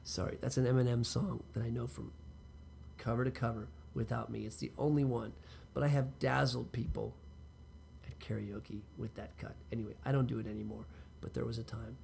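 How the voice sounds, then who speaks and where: A man with a gravelly, fry-edged voice at an ordinary middle pitch spins a loose, profane personal story. He talks straight to the listener and wanders into asides, and a faint hum of ambient noise sits behind him. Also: steady tone, fairly quick, darkish tone. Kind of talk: casual personal storytelling monologue.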